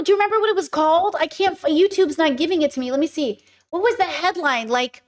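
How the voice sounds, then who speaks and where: A young woman with a high-pitched voice chats casually on a live stream. She rambles, fills her sentences with "like", and talks straight to her viewers in an emotional way. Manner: rambling, emotional, talks to chat, many fillers. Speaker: podcast host streaming live.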